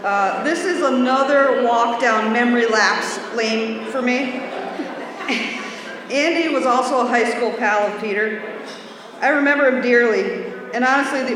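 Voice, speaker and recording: A woman acting as master of ceremonies at a roast, introducing the next speaker with dry teasing. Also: a little high. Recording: echoey hall with crowd noise.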